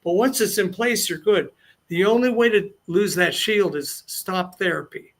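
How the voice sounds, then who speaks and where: Rambling and restarting as he goes, an older male interview guest spins long anecdotes in a casual storytelling conversation. He speaks at a normal speed in a high-pitched, expressive voice.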